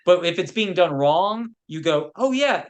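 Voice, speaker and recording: The recording is lo-fi: a man with a fairly high voice, talking a little slowly, guests on a podcast. He's a film producer, casually recounting anecdotes loaded with "you know."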